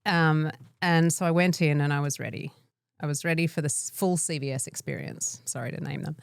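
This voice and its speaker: Australian woman, low pitch, dry room, wry anecdotes, casual podcast chat. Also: steady tone, fairly quick, gravelly, clean tone, no room sound. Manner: wry, self-deprecating storytelling. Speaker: podcast co-host.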